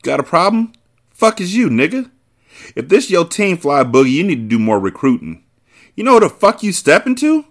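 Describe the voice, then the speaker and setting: A man's voice: on the low side, expressive, normal speed, lightly acted. A man reading as Carter, a hard crime boss. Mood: furious. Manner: terse, threatening street talk. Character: hardened male crime boss, guarded and menacing.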